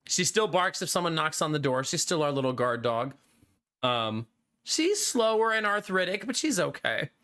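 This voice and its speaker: A man's voice: on the high side, big pitch swings, moderate pace, pushed and bright, smooth. A man streaming live, chatting casually with his viewers in a laid-back way and laughing often.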